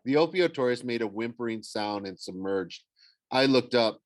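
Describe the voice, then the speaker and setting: A man's voice: mid-range voice, lively intonation, moderate pace, dry recording. A man narrating a novel in the first person, stumbling and correcting himself now and then. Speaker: audiobook reader.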